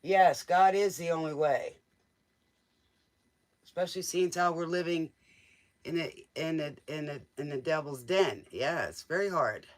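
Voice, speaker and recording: High-voiced man reading tarot live. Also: measured pace. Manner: jokey, teasing, laughs often; answers viewers' questions from chat. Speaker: tarot reader. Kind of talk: casual live-stream chat.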